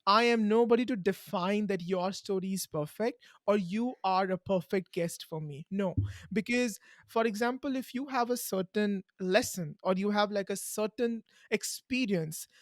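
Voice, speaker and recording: A young woman with an Indian accent hosts a podcast. She talks earnestly and encouragingly, at a middle pitch, and leans on repeated phrases for emphasis. The sound is dry and close. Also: moderate pace, no echo. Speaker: podcast host. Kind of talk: conversational interview answer.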